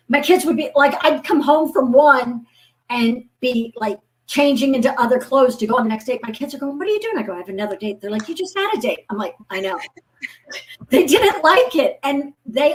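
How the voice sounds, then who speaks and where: A woman in her fifties, a guest author, chatting casually and telling lively stories, acting out the voices of people she quotes. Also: on the high side. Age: 50s. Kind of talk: casual chat.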